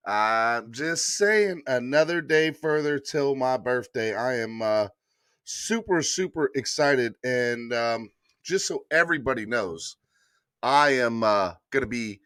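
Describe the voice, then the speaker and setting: A man's voice: mid-range voice, lively intonation, unhurried, pushed and bright, no room sound, studio quality. A man hosting a live-streamed sports morning show, hyped and repeating calls to like and subscribe. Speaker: sports podcast host.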